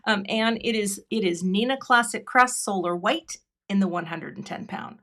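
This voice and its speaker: A woman's voice: medium pitch, moderate pace, a bit bright. A middle-aged woman from Washington State hosting a live card-making demo, chatting with her viewers and laughing often as she works. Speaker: craft product designer hosting a livestream.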